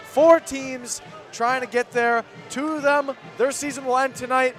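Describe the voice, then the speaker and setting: Young male color commentator, high voice, excitable and chatty, faint music behind. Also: a little slow. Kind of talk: radio hockey color commentary. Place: arena broadcast booth.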